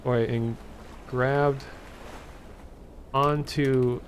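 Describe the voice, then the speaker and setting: A man reads a story aloud very slowly, stopping and correcting himself mid-sentence. His voice sits in a middle register. There is faint ambient hiss behind him. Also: medium pitch, fairly even intonation. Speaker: streamer. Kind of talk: reading an AI-generated story aloud live.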